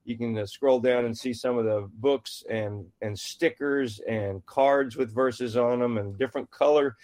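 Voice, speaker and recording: A man's voice: mid-range voice, a little slow. Folksy middle-aged man telling a story. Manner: folksy and animated, acting out quoted dialogue. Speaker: author and guest. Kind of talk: conversational storytelling.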